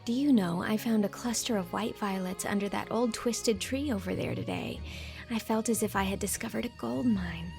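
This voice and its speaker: Woman voicing dreamy earnest young woman, audiobook, gravelly edge, faint music behind. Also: medium pitch, moderate pace, close to an everyday voice. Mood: eager. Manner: earnest, emotional, often pleading. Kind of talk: audiobook character reading.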